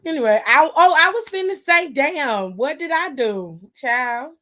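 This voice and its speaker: A woman's voice: high voice, big pitch swings, a little slow, fairly bright tone. A young woman hosting a casual wrestling aftershow stream, sassy and chatty, talking back to her chat and calling viewers pet names.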